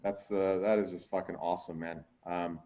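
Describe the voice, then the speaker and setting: A man who hosts a podcast and coaches strongman chats casually, rambling with lots of fillers and swearing freely. His voice is low, level, and dark at a normal speed, and the recording has a dull lo-fi sound.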